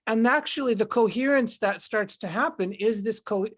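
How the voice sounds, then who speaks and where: A woman's voice: fairly high pitch, normal speed. A woman in casual podcast conversation, talking in a meandering, reflective way and acting out inner voices.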